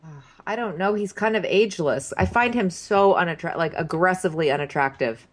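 A woman's voice: fairly low pitch, brisk. A woman co-hosting a podcast, chatting casually about a reality show with frequent fillers and restarts. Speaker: podcast co-host. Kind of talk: casual show recap chat.

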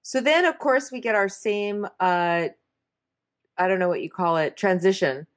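A woman's voice: medium pitch, measured pace. A woman co-hosting a casual recap chat, chatty and amused. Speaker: podcast co-host.

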